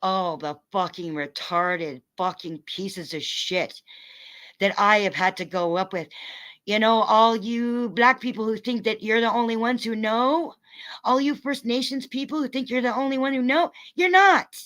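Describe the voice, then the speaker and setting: A woman streamer in an angry, profane rant at her viewers, talking in fast bursts. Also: on the high side, fairly even intonation, fairly bright tone. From North America. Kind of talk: angry rant to a live audience.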